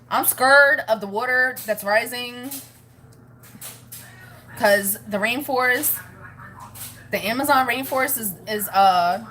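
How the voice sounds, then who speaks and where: A family vlogger who is pregnant and battling morning sickness chats casually to the camera. Her voice is fairly high with a sharp tone, and she rambles along, laughing often with her viewers.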